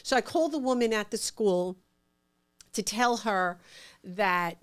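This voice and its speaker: A middle-aged woman with a New York accent, telling stories from her life in a casual, animated way and acting out the voices in them. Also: mid-range voice, a little slow. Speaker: interview guest. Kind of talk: casual storytelling.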